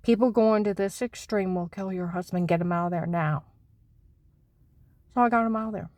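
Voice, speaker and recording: A woman talking in an anxious, rambling personal monologue, swinging between hushed whispers and loud outbursts. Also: mid-range voice, moderate pace, dry recording. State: anxious and on edge. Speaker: vlogger.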